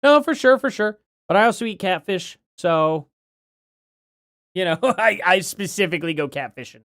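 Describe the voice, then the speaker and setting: This livestream host has a high, slightly bright voice with vocal fry and speaks at a moderate pace. He chats casually and reads donations aloud, apologetic about the slight slur from biting his tongue. The sound is studio quality, with no echo.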